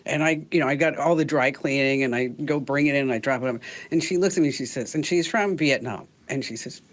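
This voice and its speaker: A woman's voice: a bass voice, quick pace. A middle-aged woman hosting a talk show, telling a funny story with lots of laughter and acted-out quotes. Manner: animated storyteller, laughs often, acts out quoted voices. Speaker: radio show host. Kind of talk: casual chat, storytelling.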